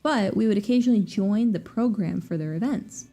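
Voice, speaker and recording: A young woman in her twenties with a soft Southern US accent rambles through a casual livestream chat. Her voice is mellow and warm, and she talks fast and animatedly, full of fillers and quick restarts. Faint music plays underneath. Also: mid-range voice. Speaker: streamer.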